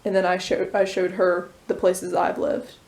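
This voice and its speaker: A woman's voice: lowish voice, completely flat delivery, moderate pace, darkish tone. A woman vlogger chatting casually, telling a story with lots of fillers. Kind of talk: casual chat.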